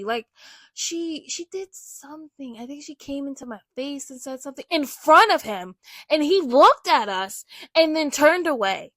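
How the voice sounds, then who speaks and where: A young woman with a fairly high voice tells stories from her own life in a loose, chatty way. She is emphatic and animated, and she fills her sentences with "like". The sound is close and dry. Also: normal speed, no room sound. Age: young adult. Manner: animated, emphatic, heavy use of "like". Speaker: vlogger. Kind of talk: casual storytelling.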